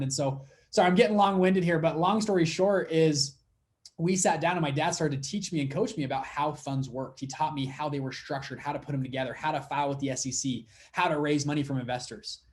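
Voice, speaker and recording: A man's voice: a little high, fairly even intonation, fairly quick. A young man, a fund manager guest, telling a story in a casual interview and acting out the dialogue as he goes.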